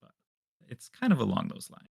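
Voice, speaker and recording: A man from Manitoba, Canada, answering interview questions as a guest modder in a relaxed way, with many pauses and fillers. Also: no room sound, studio quality.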